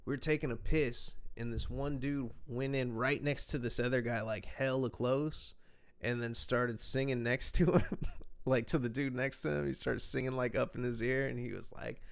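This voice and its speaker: A man with a rough, gravelly voice at an ordinary pitch talks loosely and freely. He tells laid-back stories in a casual podcast chat and swears a lot as he goes. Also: steady tone, moderate pace. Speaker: podcast host.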